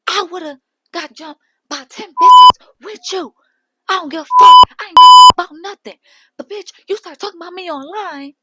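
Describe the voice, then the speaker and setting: A woman voicing an angry young woman cussing out a friend, loud and indignant. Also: a little high, flat delivery, brisk, gravelly, few pauses, heavy background noise. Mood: furious.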